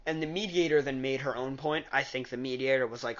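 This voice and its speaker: A man's voice: medium pitch, a little fast, a bit bright, lo-fi sound. A man giving a casual, opinionated recap of a political debate, rambling and often correcting himself mid-sentence. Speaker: political commentator.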